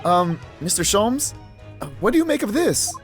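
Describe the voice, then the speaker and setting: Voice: medium pitch, big pitch swings, normal speed, faint music behind, pitched above the performer's own voice, close to an everyday voice. A player voicing an earnest young male law student in an exasperated, emphatic way. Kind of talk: let's play voice acting.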